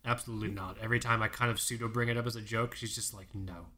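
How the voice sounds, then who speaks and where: A man in his thirties co-hosting a casual podcast chat, telling animated stories, swearing and acting out quotes. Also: mid-range voice, very fast. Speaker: podcast co-host.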